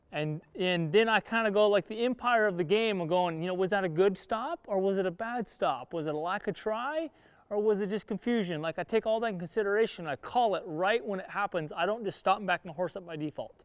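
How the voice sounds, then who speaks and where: In a dry recording, a high-voiced man gives an instructional riding lesson at an outdoor arena. He trains the horse as he rides, urging it with short words while explaining to viewers in plain-spoken cowboy talk.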